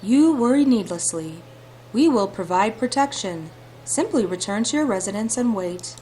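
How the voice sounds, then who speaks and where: A woman reading aloud as a mysterious lake fairy spirit, slow, hushed and measured. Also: medium pitch, animated, a little hiss or hum, lightly acted. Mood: solemn. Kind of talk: reading visual novel dialogue aloud.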